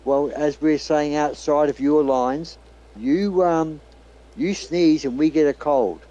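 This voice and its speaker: A man's voice: on the high side, takes it slowly, mellow, muffled recording. A man chatting as a guest on a casual livestream, easygoing and a little hesitant. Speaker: call-in guest. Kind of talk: casual chat.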